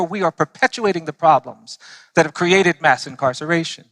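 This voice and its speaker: Male lawyer giving a heartfelt church talk with earnest, slow emphasis and a bright, tense tone. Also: on the high side, lively intonation, no echo. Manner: earnest storytelling, slowing for emphasis. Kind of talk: impassioned speech to a church audience.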